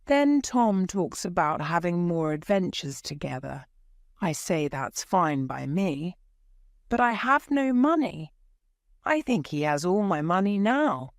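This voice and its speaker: A woman narrating a graded-reader story in the first person with a clear, expressive reading. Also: lowish voice, measured pace, dry recording, clean studio sound. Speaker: audiobook narrator.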